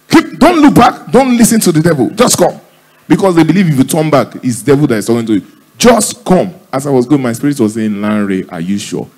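A man with a Nigerian accent telling a comic story on a live stage, deadpan and acting out the dialogue. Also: medium pitch, slightly rough. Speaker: stand-up comedian.

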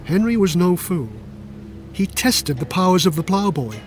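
A man's voice: sits high, expressive, normal speed, a little hiss or hum. An older man reading his own children's history book aloud in a playful, dramatic storytelling manner. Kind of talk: audiobook narration for children.

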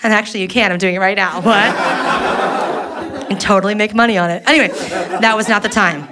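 A woman doing stand-up comedy, telling a story in a sarcastic, animated way into a handheld mic on a club stage. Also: mid-range voice, normal speed, long pauses, a crowd in the background. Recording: live audience laughing around.

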